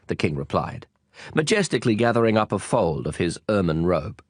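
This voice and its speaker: Casting: male audiobook narrator, calm, expressive reading, dry close sound. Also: low-pitched, a little fast, husky, dry recording.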